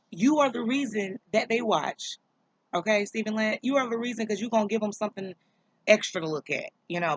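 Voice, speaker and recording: A woman's voice: mid-range voice, dry recording, poor audio. A woman hosting her own commentary vlog, talking straight to the viewer in a sassy, mocking way. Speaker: vlog host.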